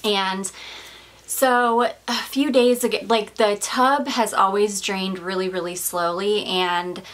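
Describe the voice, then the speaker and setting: A woman's voice: mid-range voice, steady tone, slow pace, a bit bright. A woman with a mid-range voice chats her way through a perfume review, slightly out of breath. She gushes and rambles, full of "like" and "um" and small laughs. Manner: rambling, gushing, with frequent fillers and little laughs. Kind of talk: casual chatty vlog.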